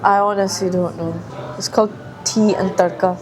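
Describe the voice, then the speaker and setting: A woman's voice: medium pitch, steady tone. A woman with a Scottish accent hosting a podcast, chatting casually and joking about herself. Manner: quick, joking, self-mocking banter. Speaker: podcast host. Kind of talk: casual chat.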